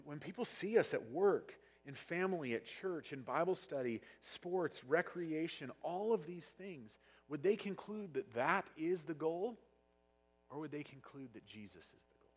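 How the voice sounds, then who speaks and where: Husky-voiced pastor preaching with passion. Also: male voice, fairly high pitch, expressive, measured pace. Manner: passionate, gets loud at times. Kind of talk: sermon. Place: church sanctuary.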